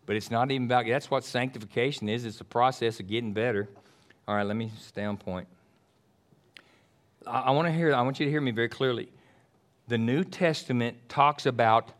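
A man from Texas with a Texan accent preaching a sermon as pastor, swinging between loud fervent passages and quiet asides. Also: mid-range voice.

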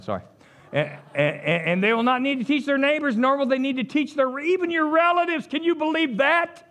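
A middle-aged man preaching a sermon in a high voice that leaps all over the place. He tells stories and cracks jokes as he goes, his tone rising and falling sharply. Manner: animated storytelling with jokes and asides. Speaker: pastor.

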